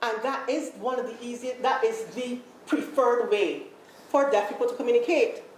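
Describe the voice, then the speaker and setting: A woman's voice: fairly high pitch, moderate pace. A Barbadian woman leading a workshop on deafness, talking animatedly to a room and repeating herself as she calls people up. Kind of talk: lively live workshop talk to a group. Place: large room with an audience. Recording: echoey room, faint background noise.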